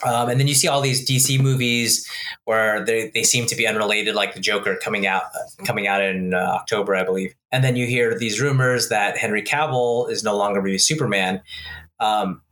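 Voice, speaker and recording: A man's voice: lowish voice, brisk, fairly bright tone. A man in casual conversation about movies, chatty and hesitant, asking his co-host questions. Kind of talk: casual chat.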